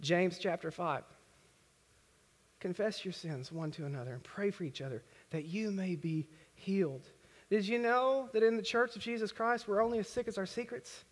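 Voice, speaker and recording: High-voiced earnest male pastor preaching. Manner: conversational, earnest preaching with acted prayers. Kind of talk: sermon. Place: church worship center. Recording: long reverb of a church hall.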